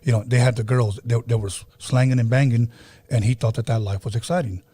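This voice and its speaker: A man's voice: mid-range voice, steady tone, quick pace, dark tone, husky. A man hosting a podcast, speaking earnestly and reflectively, with frequent restarts. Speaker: podcast host. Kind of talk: casual podcast talk.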